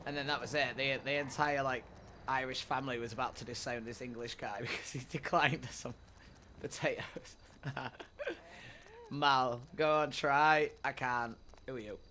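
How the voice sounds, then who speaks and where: A man's voice: mid-range voice, animated, moderate pace, bright, forceful tone. Male streamer, mid-range voice, easygoing and rambling, swears freely, light background noise. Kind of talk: casual chat with viewers during a roleplay stream.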